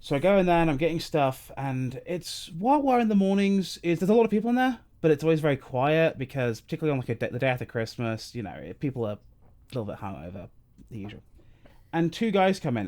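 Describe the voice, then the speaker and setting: A man's voice: medium pitch, very animated, fast, a little mellow. A man from Britain with a British accent, co-hosting a podcast and telling an anecdote in a rambling way with scene-setting asides. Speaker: podcast co-host.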